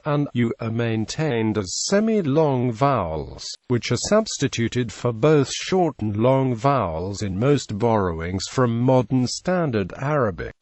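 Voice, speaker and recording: Dry, lively synthetic male reading voice. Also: mid-range voice, dry recording. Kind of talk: text-to-speech reading of an encyclopedia article.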